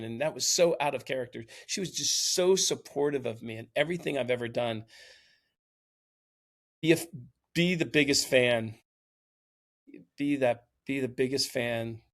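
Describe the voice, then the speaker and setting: A man, around his fifties, talking thoughtfully and in a measured way on a podcast. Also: mid-range voice, a bit bright. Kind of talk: reflective podcast conversation.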